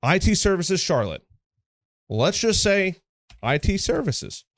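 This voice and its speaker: A man coaching on marketing, talking a screen-share tutorial through in a casual, energetic, emphatic way. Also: high voice, slow pace, no echo.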